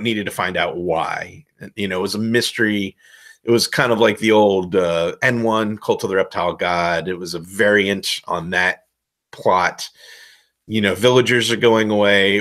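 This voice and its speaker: A man giving casual advice as a game master, loose and self-deprecating, rambling with a relaxed tone. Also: lowish voice, moderate pace. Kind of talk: casual instructional talk.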